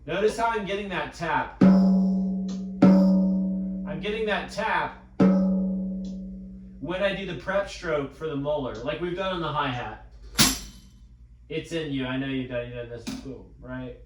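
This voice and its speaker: In a drum school room, a man gives a live practice pad lesson, coaching a student and counting strokes aloud as he plays. His slightly high voice moves at a measured pace with long pauses. He is far from the mic in an echoey room, with loud music and noise behind him.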